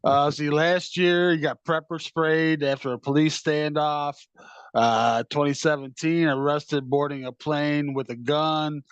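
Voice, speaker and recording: A man's voice: a little high, fairly even intonation, a little slow, clean tone, no room sound, highs cut off. An older man, co-hosting a casual rock talk show, reading off a list in a dry, hesitant way full of uhs. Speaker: podcast co-host. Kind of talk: casual chat.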